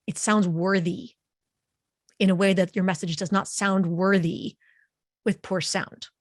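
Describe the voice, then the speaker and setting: A woman giving an online webinar presentation in a lively, conversational way, speaking close to a studio microphone. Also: mid-range voice, unhurried, no room sound.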